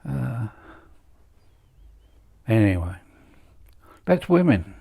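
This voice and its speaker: A man in his seventies giving a rambling casual monologue, halting and full of fillers, with dry wry humor. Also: mid-range voice, sing-song, vocal fry, warm tone, breathy edge. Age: 70s. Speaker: vlogger.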